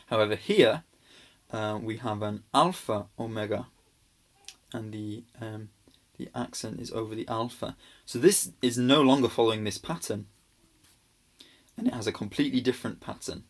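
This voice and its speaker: A man's voice: on the low side, moderate pace. A man giving a casual grammar lesson over slides, patient and reassuring, with many ums and small restarts. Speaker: language teacher.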